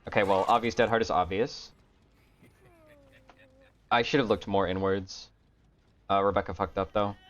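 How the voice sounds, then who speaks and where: A man streaming a game, talking to himself in a low-energy, grumbling way and swearing often. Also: steady tone, moderate pace, long pauses, fairly bright tone. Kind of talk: casual gameplay commentary. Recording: dull lo-fi stream audio.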